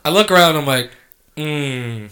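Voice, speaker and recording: Man, bright voice, animated, swears a lot, casual storytelling. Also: fairly high pitch, unhurried. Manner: animated, profane, acts out quoted lines. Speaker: podcast co-host telling a story.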